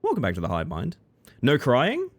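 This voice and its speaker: A man's voice: mid-range voice, moderate pace. A man streaming a card game, chatting casually with his viewers and breaking into jokey, mock-dramatic outbursts. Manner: animated, talks to chat while playing, jokey mock-dramatic outbursts. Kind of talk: casual gameplay commentary.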